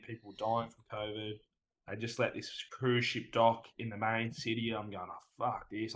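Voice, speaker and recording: A man's voice: fairly low pitch, fairly bright tone, poor audio. A man with an Australian accent, a streamer guest on a casual podcast, who rambles through his stories, swears freely and keeps saying "mate".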